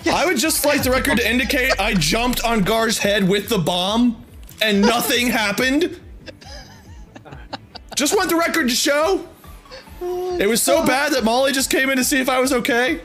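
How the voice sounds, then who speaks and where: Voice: high voice, expressive, normal speed, over loud music. A gamer in a party game, exasperated and laughing at how unfair it feels.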